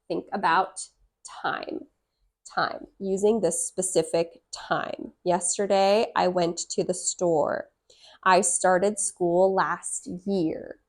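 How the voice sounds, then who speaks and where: Slow, deliberate woman teaching English. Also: fairly low pitch, steady tone. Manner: repeats example sentences slowly and deliberately. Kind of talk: slow, clear grammar lesson.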